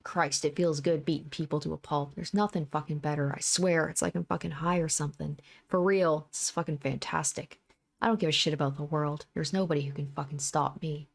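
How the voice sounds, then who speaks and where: A woman reading the thoughts of a violent young male thug who brags and curses without pause, in a low voice. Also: steady tone, creaky. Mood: gloating. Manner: boastful, profane bragging.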